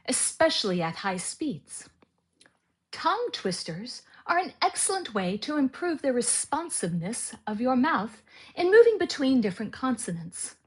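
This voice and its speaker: A woman giving a calm spoken lesson on narration technique and demonstrating exercises aloud. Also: sits high, breathy edge. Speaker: author teaching audiobook narration.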